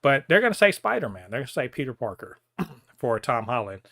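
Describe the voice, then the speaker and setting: A man on a podcast, ranting hard and swearing freely. His pitch leaps all over the place and his voice is sharp and bright. The sound is dry and close. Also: big pitch swings, a little fast, vocal fry, dry recording. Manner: heated, profane ranting. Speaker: podcast co-host. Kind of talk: casual podcast chat.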